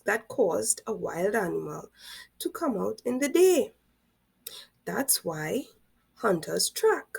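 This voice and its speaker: A woman's voice: medium pitch, creaky, a little mellow, breathy edge. A woman with a Caribbean accent, commenting on a story as a reaction video host, with incredulous rhetorical questions. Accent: Caribbean English.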